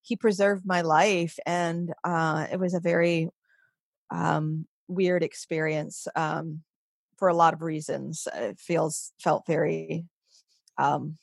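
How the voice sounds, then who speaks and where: Middle-aged woman guest, kinda low voice, stops and restarts a lot, laughs softly, dry close sound. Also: flat delivery, vocal fry, no echo. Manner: halting, many restarts and soft laughs. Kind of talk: conversational interview.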